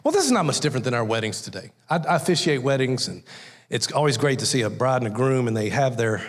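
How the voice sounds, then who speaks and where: With a medium-pitched voice, lively intonation and a quick pace, a man serves as guest preacher in a church sanctuary. His conversational sermon is full of folksy anecdotes in which he performs little character voices. Long hall reverb fills the recording.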